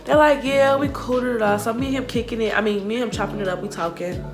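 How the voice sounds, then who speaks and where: A young woman telling a casual storytime vlog, slangy and animated, acting out what others said. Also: on the high side, quick pace. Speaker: vlogger. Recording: music playing behind the voice.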